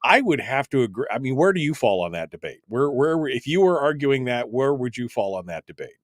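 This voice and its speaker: A man hosting a talk radio show, chatting casually and haltingly and asking his guest questions. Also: mid-range voice, sing-song, no echo, clean studio sound. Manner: casual, halting, with many fillers and restarts.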